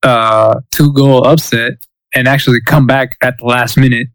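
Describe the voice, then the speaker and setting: Man, soccer podcast co-host, casual, rambling, jokey, mid pitch, dry close sound. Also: fairly even intonation, normal speed, a bit bright, no echo, rough recording. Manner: rambling, restarts, joking asides. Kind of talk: casual sports chat.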